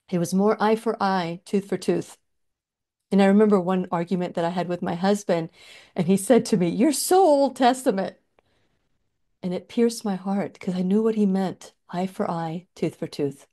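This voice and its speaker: A woman's voice: mid-range voice, dark tone. A middle-aged woman hosting her own radio show, speaking in a heartfelt, emotional way, with restarts and small laughs. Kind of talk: reflective solo talk.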